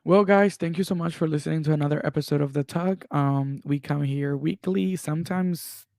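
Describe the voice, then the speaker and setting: A man co-hosting a podcast, wrapping up the episode in loose casual chat, laughing often and filling pauses with "um". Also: on the high side, vocal fry, a little mellow, no room sound, clean studio sound. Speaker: podcast co-host.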